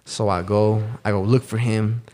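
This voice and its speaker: A man's voice: lowish voice, normal speed. Slangy young man telling a story. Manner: animated, slangy, acts out the people he quotes. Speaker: podcast co-host. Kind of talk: casual storytelling chat.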